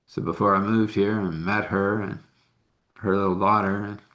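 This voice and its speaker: A man telling a personal story out loud in a halting, rambling way, with fillers and restarts. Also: lowish voice, flat delivery. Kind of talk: casual spoken storytelling.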